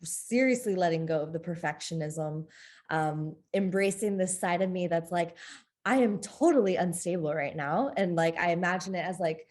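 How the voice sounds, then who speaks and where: A woman speaking as a podcast guest in a candid interview, open and expressive, often breaking into laughter. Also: on the low side, moderate pace.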